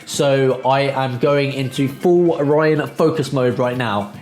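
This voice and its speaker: A man's voice: medium pitch, takes it slowly, a little mellow, echoey room, soft background music. Chatty man hosting a game play-through. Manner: chatty, jokey, uses "guys" and "um". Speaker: gaming channel host. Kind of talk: let's play commentary.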